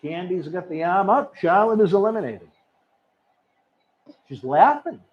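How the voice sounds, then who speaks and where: A man's voice: sits high, animated, unhurried, husky. A man hosting a casual wrestling watch-along, chatty and rambling, laughing easily. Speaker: host. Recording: slightly dull lo-fi sound.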